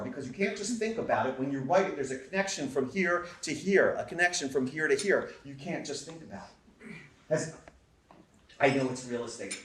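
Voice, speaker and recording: A man giving an energetic seminar talk to a live audience, firing questions at the room in a quick, punchy way. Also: a little high. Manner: fast, punchy, asks the crowd questions. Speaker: presenter. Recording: echoey room recorded from a distance.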